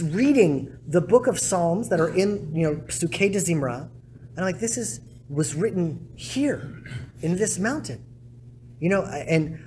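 A rabbi speaking to a congregation, telling stories in an animated way and acting out quotes with big swings in pitch and loudness. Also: male voice, slight background noise. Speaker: rabbi giving a talk. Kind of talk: storytelling talk to a congregation. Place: synagogue congregation hall.

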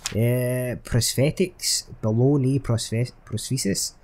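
This is let's-play commentary from a male gaming channel host who is recovering from a chest infection, cursing, joking and jumping at scares in a horror game. He speaks at medium pitch and a slow pace, with a darkish tone, over a slight hiss or hum.

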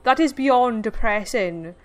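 A woman's voice: fairly high pitch, lively intonation, a little slow. A young woman casually commenting on her own gameplay, easily frightened and poking fun at herself. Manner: jumpy, squealing when scared, self-mocking. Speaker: gaming streamer. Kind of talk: casual let's-play commentary.

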